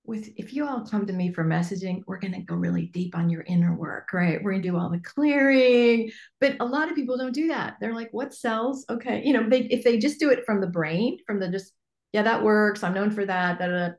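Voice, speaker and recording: A woman business coach teaching a workshop in a chatty, animated way with lots of fillers. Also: mid-range voice, a little fast, gravelly, hardly any pauses. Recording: echoey room.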